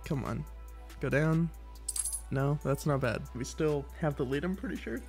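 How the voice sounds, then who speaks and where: A congested man giving casual, excitable live commentary while opening cases, swearing often and pleading with the screen. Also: fairly high pitch, moderate pace, vocal fry, faint music behind. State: congested, stuffy nose. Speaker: gaming video creator.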